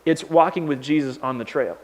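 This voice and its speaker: Casual, high-voiced young male pastor preaching. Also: fairly quick. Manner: conversational, animated storytelling with many fillers. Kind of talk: sermon.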